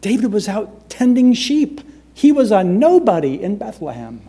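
A male preacher giving a sermon, swinging between loud emphatic lines and hushed, quiet ones. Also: sits high, big pitch swings, moderate pace, husky.

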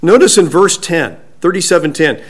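A man preaching a sermon, slow and emphatic, dropping at times to a soft hush. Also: a little high, expressive, breathy edge. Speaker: pastor.

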